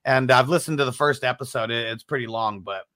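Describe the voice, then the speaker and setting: Bright, dry-voiced man talking loosely. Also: mid-range voice, a little fast, dry recording. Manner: laid-back, heavy swearing, reads out viewer comments. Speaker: podcast host reading chat comments. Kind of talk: casual chat.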